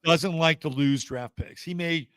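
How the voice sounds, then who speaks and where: A man's voice: a little high, measured pace, fairly bright tone, dry recording, studio quality. A man commenting on sports through astrology in casual talk-show debate, rambling and blunt with frequent hesitations. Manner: rambling, hesitant with many fillers and restarts, blunt.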